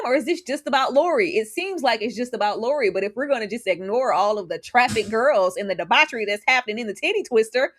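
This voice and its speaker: Lively high-voiced woman hosting a live show. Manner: animated, slangy and emphatic, laughs often. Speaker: host of a live show reviewing a TV series. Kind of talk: casual live-stream chat.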